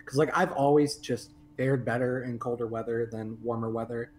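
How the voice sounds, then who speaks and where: A man's voice: medium pitch, level tone, moderate pace, darkish tone, a little hiss or hum. A man from Southwest Missouri chatting casually on a livestream, making dry joking asides.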